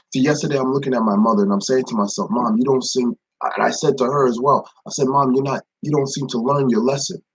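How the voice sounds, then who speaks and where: Husky-voiced man giving a casual devotion. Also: medium pitch, low-quality recording. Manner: conversational, repeats phrases for emphasis, greets viewers by name. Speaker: ministry devotion leader. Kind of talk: informal devotional talk.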